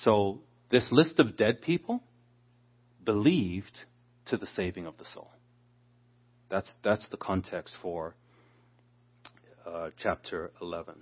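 Husky low-voiced man teaching scripture. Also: slow, long pauses. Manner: expository, acts out quoted speakers. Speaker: preacher. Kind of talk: Bible teaching. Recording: dull lo-fi sound.

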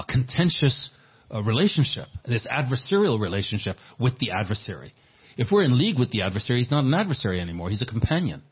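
A male pastor preaching a sermon in an earnest way, often repeating words, with a husky voice. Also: on the low side. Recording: dull lo-fi sermon recording.

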